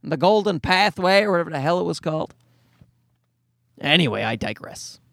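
Nasal Newfoundland man, high voice. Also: sing-song, normal speed, vocal fry, a bit bright, dry recording, studio quality. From Canada. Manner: rambling, profane, self-mocking asides. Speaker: stand-up comedian and podcast host. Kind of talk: casual rambling monologue. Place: parked car.

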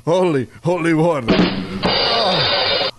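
A man's voice: fairly high pitch, big pitch swings, slow, over loud music, pitched above the performer's own voice. A man voicing a corny Dracula-style male vampire comedian with a mock Transylvanian accent, groaning at his own jokes. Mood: hammy. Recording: noisy playback with clicks.

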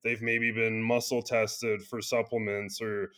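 Bright-voiced man, earnest and rambling. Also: fairly low pitch, level tone, a little slow, clear, resonant tone. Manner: earnest, speaks in loose restarts with many "you know" fillers. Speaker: chiropractor and clinic founder. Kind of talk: casual interview conversation.

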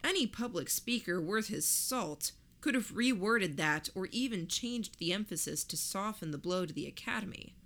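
A woman reading a first-person story aloud in a measured, reflective way. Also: medium pitch, expressive, fairly bright tone. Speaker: narrator. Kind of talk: first-person audiobook narration.

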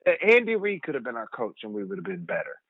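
A young man telling rambling, animated stories as a guest over the phone, laughing often. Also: mid-range voice, fast talker, husky, no room sound. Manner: animated, rambling storyteller who laughs a lot. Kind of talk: phone interview storytelling. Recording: tinny dry phone line.

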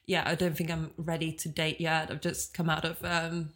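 A woman's voice: low voice, little pitch movement, moderate pace, fairly bright tone. A woman co-hosting a podcast, telling stories in a chatty, self-deprecating way. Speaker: co-host. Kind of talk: casual podcast chat.

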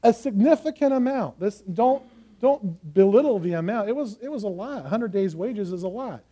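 A man preaching in an earnest, emphatic way, his voice sitting high for a man. The tone is mellow and soft-edged. He leans on key phrases, slowing down to drive them home. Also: animated. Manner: earnest, emphatic teaching with slow stressed phrases. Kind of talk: sermon.

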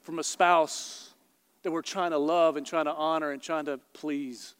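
A man with a high, bright-pitched voice preaches to a packed church. Long reverb trails each phrase through the big hall, and he tells stories with lively asides to the crowd. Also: clean tone. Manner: animated storytelling, quick asides to the congregation. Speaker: pastor. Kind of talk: sermon. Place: large church auditorium before a congregation.

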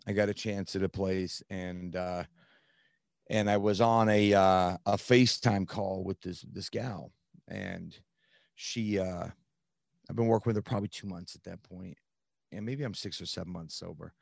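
A man in his thirties, a podcast guest, telling his own story in an earnest, animated way with plenty of "like" fillers. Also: deep voice, normal speed, vocal fry, no room sound, clean studio sound. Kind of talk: candid storytelling.

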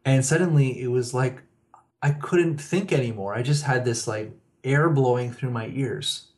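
A man's voice: medium pitch, normal speed. A man who is a guest author on a radio interview, telling personal stories and chuckling often.

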